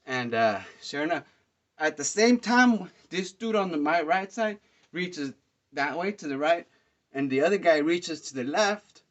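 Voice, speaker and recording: A man hosting a podcast, telling concert stories in a rambling, excitable way, full of fillers and slang. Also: fairly high pitch, measured pace. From Dallas, Texas. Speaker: podcast host. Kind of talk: casual storytelling monologue. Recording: dull lo-fi sound.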